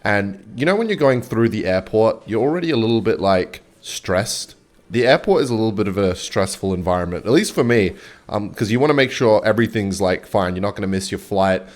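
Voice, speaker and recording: A man's voice: lowish voice, lively intonation, a little fast. A young man giving casual, rambling gameplay commentary and swearing freely as he chats. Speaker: gaming video host.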